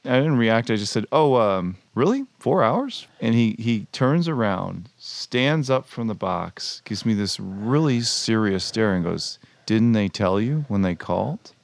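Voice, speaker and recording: A man co-hosts a comedy podcast with a low, gravelly voice. He tells anecdotes in loose, casual chat, acts out the other people's lines, and is recorded close and dry with no room sound. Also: unhurried, hardly any pauses, dry recording. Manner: storytelling, acts out dialogue in voices. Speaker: podcast co-host.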